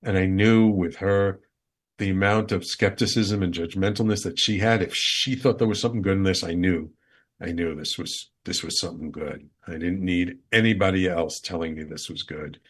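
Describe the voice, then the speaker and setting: A man's voice: low-pitched, steady tone, normal speed, breathy edge. A man hosting a show, earnestly telling a heartfelt personal story with repeated emphasis. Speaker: show host.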